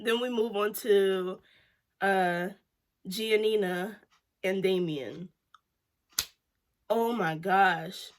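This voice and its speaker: Reviewing a TV show, a chatty woman vlogger peppers her sentences with "like" at every gap. Her delivery is lively, leaping higher in pitch as she reacts.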